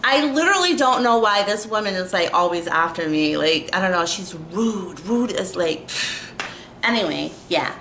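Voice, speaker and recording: Speaking at a normal speed in a lowish, fairly bright voice, this young female vlogger is animated as she rants through an exasperated storytime, leaning on filler words and "like" constantly. There's a little hiss or hum, and the room is echoey with faint ambience.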